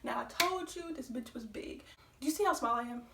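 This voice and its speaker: A young woman with a high, bright-sounding voice tells a storytime vlog tale in an excitable, profane rush. She speeds up whenever she gets worked up. Her voice sits back from the mic, and the room gives it a roomy echo. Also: vocal fry, far from the mic, noisy background. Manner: excitable, talks fast when worked up, heavy swearing. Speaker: vlogger telling a story.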